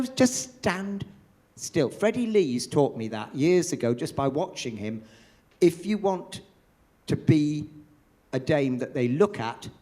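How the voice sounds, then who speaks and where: Older guy, panto vet, lively voice up and down, slightly high, acts out the quotes. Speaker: pantomime dame performer, interviewee. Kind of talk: anecdotal theatre interview. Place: theatre after a show.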